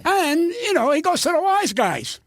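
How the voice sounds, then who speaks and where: A man's voice: very high-pitched, moderate pace, dry recording, studio quality. An older man, a comedian guest, telling long profane anecdotes and acting out every quoted voice. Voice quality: gravelly, husky. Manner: profane, animated storyteller who acts out every quote. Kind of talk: storytelling anecdotes.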